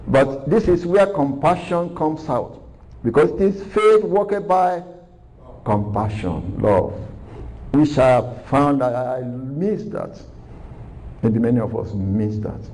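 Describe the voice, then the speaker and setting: A man's voice: medium pitch, warm tone, poor audio. A man preaching a recorded sermon, earnest and repetitive, asking rhetorical questions.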